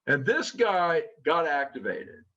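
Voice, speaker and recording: Speaking slowly in a slightly high voice, a middle-aged co-founder and trainer shares a personal story with a group. He's earnest and gives quoted speech a lively delivery. The audio is dull and lo-fi.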